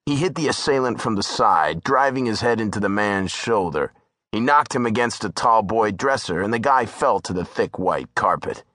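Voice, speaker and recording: A man's voice: lowish voice, animated, moderate pace, fairly bright tone, dry recording. A man narrating a thriller audiobook with tense, dramatic storytelling. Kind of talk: scripted narration.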